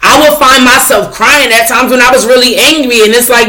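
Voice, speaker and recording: A woman's voice: a little high, fairly even intonation, fairly quick, bright, forceful tone. A woman tarot reader in casual spiritual talk to her viewers, frank and chatty, swearing freely and often asking if you follow her. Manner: chatty, frank, swears freely, asks "you know what I'm saying?".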